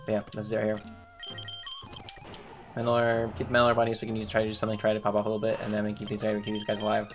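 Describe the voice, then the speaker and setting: A man giving casual gameplay commentary, thinking aloud, repeating himself and talking to his game characters. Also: on the low side. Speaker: gaming YouTuber.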